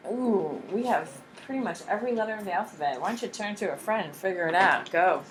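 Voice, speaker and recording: A woman's voice: mid-range voice, fast, background noise. A young woman teacher giving a casual, blunt and jokey history lecture to a classroom.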